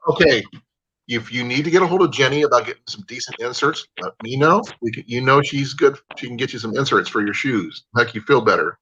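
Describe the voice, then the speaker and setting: A man hosts a casual livestream chat. His voice is bright and forward, and he rambles in an easygoing way, restarting sentences. The sound is a dull, lo-fi stream feed. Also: medium pitch, a little fast, slight background noise. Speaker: livestream host. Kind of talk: casual video-call chat. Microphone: livestream call audio. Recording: lo-fi livestream audio.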